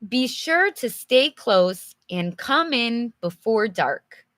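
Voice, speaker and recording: Calm storybook mom giving instructions, low and gentle, a lady reading it out. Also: slow, no echo, clean studio sound, exaggerated voice. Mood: cautioning.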